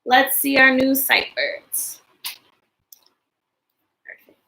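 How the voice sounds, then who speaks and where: Woman teacher, slow and sing-song with kids, bright tone with some vocal fry. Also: high-pitched, rough recording. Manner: slow, sing-song, encouraging teacher talk to young children. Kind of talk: classroom lesson livestream.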